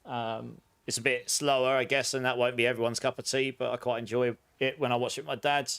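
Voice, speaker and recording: A man's voice: mid-range voice, little pitch movement, brisk, vocal fry, a bit bright, clear, resonant tone. Chatty man streaming a game. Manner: chatty, rambling anecdotes with laughs. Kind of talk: casual chat while gaming, answering chat.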